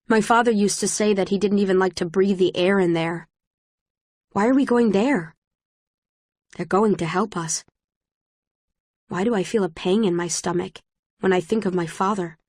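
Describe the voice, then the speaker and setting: A woman reading a novel aloud in first person, in a steady, measured way. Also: mid-range voice, no echo, clean studio sound. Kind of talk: first-person audiobook narration.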